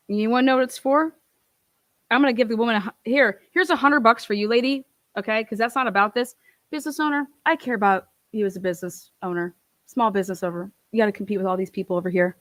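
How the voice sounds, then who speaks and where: A woman's voice: mid-range voice, dry recording. A young woman telling a heated, profane storytime rant, full of swearing and laughs. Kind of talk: ranting storytime.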